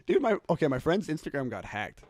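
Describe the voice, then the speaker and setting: A man in casual podcast chat, telling stories in an animated, giggly way with lots of filler words. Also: on the high side, brisk.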